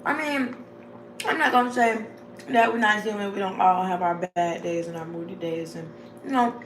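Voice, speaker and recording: In a medium-pitched voice at a moderate pace, a woman vlogger chats informally with her audience, giving a rambling motivational talk. Laughter comes often, and she calls viewers "y'all" and "babes." The space sounds echoey, with faint noise in the background.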